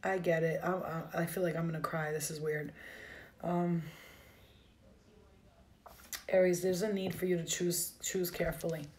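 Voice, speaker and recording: A woman's voice: on the low side, flat delivery, moderate pace, long pauses, darkish tone. Emotional woman giving a tarot reading. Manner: emotional, direct, talks straight to viewers. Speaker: tarot reader.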